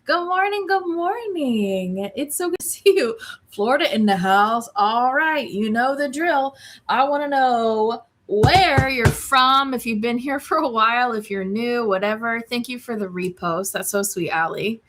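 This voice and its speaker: Livestream host, woman, thirties, bubbly and warm with viewers, slightly high voice. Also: animated, moderate pace, noisy background. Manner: bubbly, greets viewers by name and reacts to comments. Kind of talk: casual livestream chat. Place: home room with a screen.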